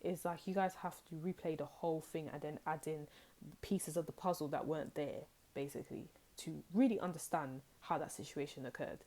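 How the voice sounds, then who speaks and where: Young girl doing a chatty tarot reading, lowish warm voice, rambles a lot. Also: steady tone, a little fast. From United Kingdom. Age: young adult. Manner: chatty and rambling, acts out quoted reactions with high exclamations. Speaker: tarot reader. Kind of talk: casual tarot reading to camera.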